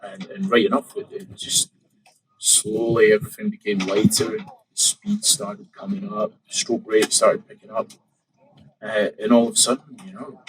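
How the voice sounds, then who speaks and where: A man's voice: lowish voice, expressive, moderate pace, rough recording. A man, a podcast guest and open water swimmer, casually telling a story with many fillers and quoted thoughts.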